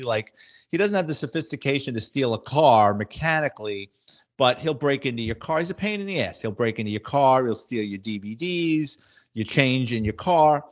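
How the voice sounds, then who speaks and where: A middle-aged former police detective, casually telling wisecracking anecdotes in a blunt way. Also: male voice, mid-range voice. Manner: blunt, wisecracking, acts out quoted dialogue. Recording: slightly muffled audio.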